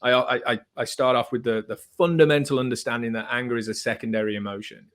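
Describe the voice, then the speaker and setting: A man speaking as a psychotherapist guest on a podcast, calmly and methodically explaining therapy concepts. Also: medium pitch.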